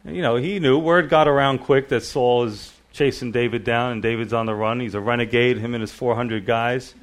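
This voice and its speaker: A pastor giving a relaxed evening Bible sermon, retelling the story casually with lots of "you know.". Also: male voice, mid-range voice, a little fast.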